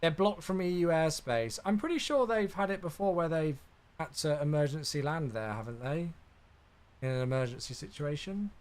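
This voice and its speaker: A man's voice: a little high, animated, moderate pace. A young man chatting casually on a live stream while flying a simulator, reacting aloud and answering viewers. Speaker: flight sim streamer.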